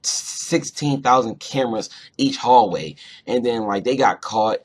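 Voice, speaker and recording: A man's voice: mid-range voice, measured pace. A young man rambling through a casual episode review, swearing often and leaning on fillers like "you know" and "whatnot". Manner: rambling, profane, lots of fillers. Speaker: cartoon reviewer.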